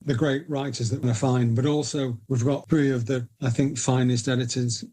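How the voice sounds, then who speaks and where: A middle-aged man with a Northern English accent, chatting as a guest on a podcast. He tells long, self-mocking anecdotes in a warm, mellow voice. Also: mid-range voice, fairly even intonation, normal speed. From Northern England. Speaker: guest, indie publisher. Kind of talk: casual storytelling interview.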